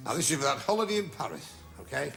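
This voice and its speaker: A man hosting a TV game show with wisecracking jokes and drawn-out asides to the audience. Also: on the high side, animated, creaky, soft background music. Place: TV studio with a live audience. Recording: loud studio audience and noise from an old TV broadcast.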